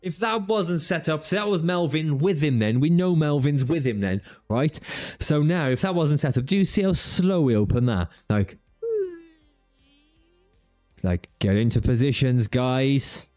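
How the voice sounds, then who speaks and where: A man's voice: on the high side, lively intonation, normal speed, hardly any pauses, darkish tone, faint music behind. A man commenting on a video, laughing often and swearing playfully as he mocks what he sees. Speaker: reaction video host. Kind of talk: reaction commentary. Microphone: studio podcast mic.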